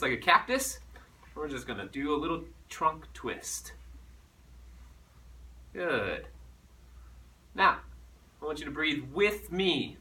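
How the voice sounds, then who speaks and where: A man teaching a recorded music lesson to children, animated and playful as he demonstrates. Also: fairly high pitch, distant mic.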